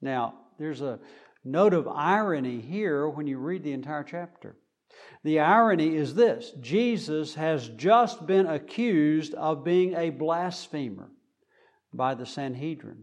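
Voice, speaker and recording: A man preaching a sermon, speaking deliberately with frequent fillers. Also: fairly high pitch, animated.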